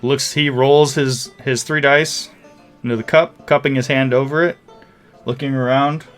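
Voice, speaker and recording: A man in a mid-range voice runs a tabletop game, narrating in a relaxed, hesitant way with plenty of fillers. Faint music plays underneath. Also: medium pitch, unhurried. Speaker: dungeon master.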